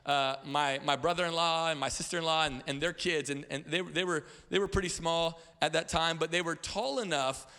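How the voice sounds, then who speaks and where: In a church auditorium, a pastor in his thirties delivers a sermon full of animated stories, playful asides, and stammered repeats. His voice is on the high side and clean in tone, moving a little fast with few pauses.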